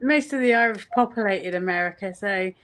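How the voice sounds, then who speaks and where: A woman's voice: medium pitch, brisk, fairly bright tone. A woman co-hosting a live chat show, from the United Kingdom, making light joking asides. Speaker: co-host.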